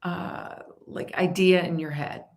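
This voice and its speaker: A woman's voice: fairly low pitch, steady tone, slow pace, a little mellow. A woman hosting an interview show, upbeat and playful with her guest. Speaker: host. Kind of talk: casual interview chat.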